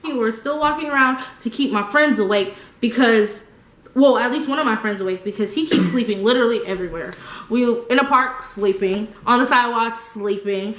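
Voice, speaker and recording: A young woman telling a story casually, animated and slangy, laughing often. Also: a little high, reverberant. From United States. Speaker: vlogger.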